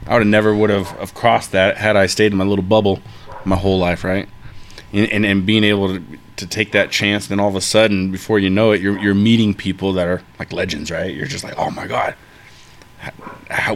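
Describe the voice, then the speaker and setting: A man who works as a heavy equipment operator, talking as a podcast guest in a halting way full of restarts. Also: fairly low pitch, slight background noise. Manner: halting, many restarts and repeated words. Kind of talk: casual conversation.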